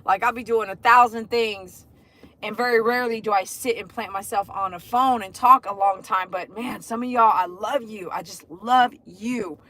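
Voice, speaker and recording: A woman's voice: mid-range voice, moderate pace, bright, forceful tone. A middle-aged woman, chatting on a livestream, effusively greeting viewers by name and leading sing-song chants. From Texas. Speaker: dog groomer and livestream host. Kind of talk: casual livestream chat.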